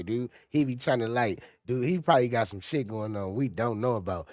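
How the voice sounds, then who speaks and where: A man's voice: medium pitch, brisk, few pauses, darkish tone, dry recording, clean studio sound. A man hosting a casual livestream, reacting to clips and urging his chat to hit the like button in loose, slangy talk. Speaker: livestream host.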